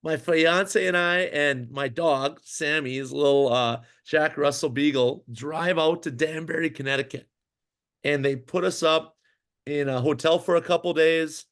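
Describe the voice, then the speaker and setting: This former professional hockey goalie from Minnesota speaks at a measured pace in a slightly high male voice. Chatting in a relaxed interview, he rambles through a long, animated story full of fillers and false starts.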